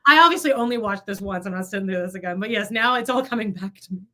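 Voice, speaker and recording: A fast-talking woman with a mid-range voice co-hosts a gossip podcast in casual style. Animated and profane, she acts out other people's quotes.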